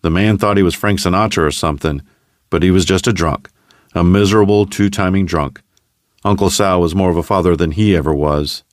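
A man narrating a dramatic story in a steady, measured way. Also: sits low, dry recording, studio quality. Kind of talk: scripted narration.

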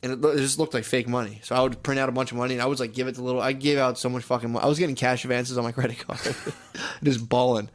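A man in his twenties chatting loosely about his travels, his voice sitting at an ordinary middle pitch. He talks in slang, swears freely and slips into quick impressions of the people in his stories. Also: fairly even intonation. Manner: slangy, swears a lot, mimics people he met. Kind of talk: casual crude chat.

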